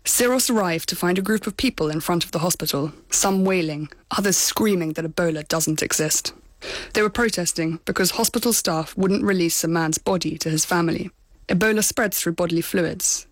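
A woman foreign correspondent narrating a scripted report in a measured, sober storytelling manner. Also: fairly low pitch, no room sound.

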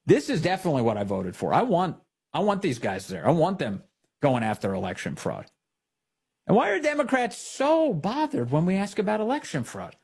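A man's voice: on the high side, huge pitch swings, fairly quick, vocal fry, a little mellow, breathy edge. A man hosting a political talk show, delivering indignant commentary full of sarcastic rhetorical questions.

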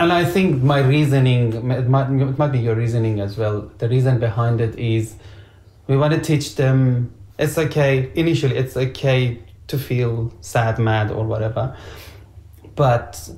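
A man with an ordinary mid-range voice shares his views on raising children with his co-host. He thinks out loud, often halting and repeating words before finishing a point. The recording sounds roomy and echoey. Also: medium pitch. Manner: halting, repeats words while reasoning things out. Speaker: podcast co-host. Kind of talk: casual parenting chat. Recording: echoey room.

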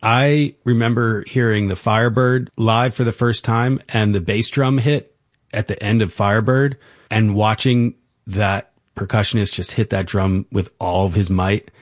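Lowish-voiced male host, upbeat. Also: fairly even intonation, unhurried, no room sound, clean studio sound. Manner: enthusiastic, encouraging. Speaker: interview host. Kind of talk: interview hosting.

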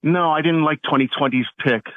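A man's voice: fairly high pitch, fairly quick, no echo. A man calling in to a radio show, defiant and insulting toward the host. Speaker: caller. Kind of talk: phone-in argument. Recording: tinny phone line.

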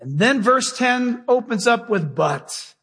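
A pastor preaches a sermon to a live congregation in a church sanctuary, his voice very high-pitched, expressive, slow, fairly bright, and husky with vocal fry. Folksy and emphatic, he often fires questions straight at his listeners, and the recording has long hall reverb.

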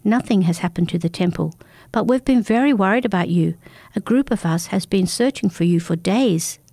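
A woman voicing a calm, secretive young male novice who speaks quietly and insistently. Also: medium pitch, moderate pace, no echo, natural voice.

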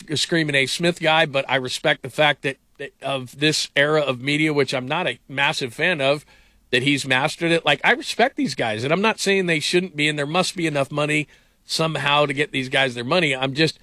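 A middle-aged man hosting sports talk radio who tells long, rambling stories full of fillers. His voice is bright and forceful and sits a touch high for a man. The sound is dry and close. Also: no echo. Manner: rambling storyteller, heavy on fillers.

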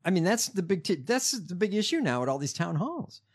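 A man's voice: high-pitched, sing-song, a little fast, breathy edge. A man with a somewhat raised voice co-hosts a loose political chat. He reads headlines aloud and breaks into sarcastic, profane commentary. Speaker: podcast co-host.

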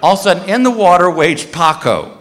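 Man, stand-up comic, high lively voice, bright tone, echoey hall with long reverb. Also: a little fast. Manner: animated, acting out voices and screams. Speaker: stand-up comedian. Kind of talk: stand-up storytelling. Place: comedy stage before a live audience.

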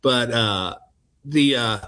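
A man, a comedian telling stories in a folksy, self-deprecating way, often pausing and restarting. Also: mid-range voice, a bit bright. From Texas. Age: 60s. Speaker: comedian guest. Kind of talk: casual interview storytelling. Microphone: phone call-in.

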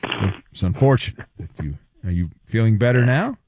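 A man's voice: fairly low pitch, very animated, moderate pace, darkish tone, no room sound. A man hosting a sports radio show, teasing his callers in a wry, playful way. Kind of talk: late-night sports radio talk.

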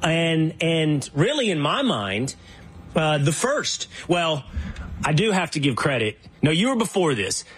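A man from a small town in Texas who hosts an interview, asking long, halting questions full of restarts. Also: a little high, sing-song, fairly bright tone, breathy edge. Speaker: interview host. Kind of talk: conversational interview.

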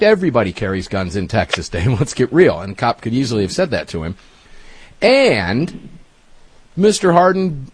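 A man's voice: medium pitch, breathy edge. A man hosting a talk radio show, emphatic and folksy, speaking straight to his listeners.

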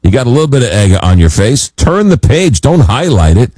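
Talk radio host, man, rambling animated storyteller, lively low voice, dry studio sound. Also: quick pace, dry recording. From Long Island, New York. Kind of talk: late-night call-in radio chat. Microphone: studio microphone.

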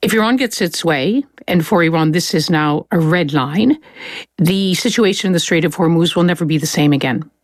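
A woman explaining world news in a measured, conversational way on a studio podcast, with occasional restarts. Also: lowish voice, dry recording. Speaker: foreign affairs analyst. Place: London studio.

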